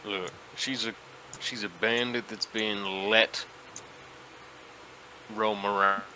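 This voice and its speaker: A man playing in a tabletop game, arguing his point deliberately. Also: on the low side, fairly even intonation, pushed and bright, a little hiss or hum, low-quality recording. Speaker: player.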